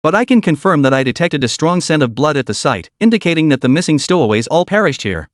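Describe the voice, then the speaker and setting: A man voicing a calm male investigator who explains things in a measured way. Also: a little high, dry recording, clean studio sound. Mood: explaining.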